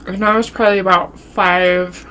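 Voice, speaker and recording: A woman vlogger casually telling a spooky story while eating, with a runny nose and an animated, drawn-out way of talking. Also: medium pitch, a little hiss or hum. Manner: animated storytelling with southern-style "y'all". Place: home, eating on camera.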